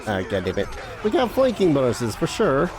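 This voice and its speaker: Excitable swearing game streamer. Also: male voice, medium pitch, normal speed, music in the background. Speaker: streamer playing a video game. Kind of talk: casual gameplay commentary.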